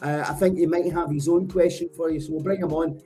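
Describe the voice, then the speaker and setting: A Scottish man hosts a live show through a headset mic. His voice is mellow and soft, a touch higher than most men's. He talks in a chatty, joking way and rambles as he corrects himself. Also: fairly even intonation, quick pace, soft background music. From Scotland. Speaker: host. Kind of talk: live show hosting, casual chat.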